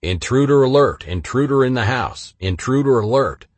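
A man's voice: mid-range voice, expressive, moderate pace, breathy edge, no echo, voice pushed up. A man reading as a clipped computerized alarm voice. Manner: repetitive clipped announcements. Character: flat computerized home alarm voice, sexless.

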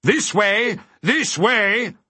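A man doing a shrill shouting trickster creature. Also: big pitch swings, takes it slowly, slightly rough, no room sound, full character voice. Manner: shouting bad advice, gleeful then cold. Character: shrill male creature, mocking, deceitful.

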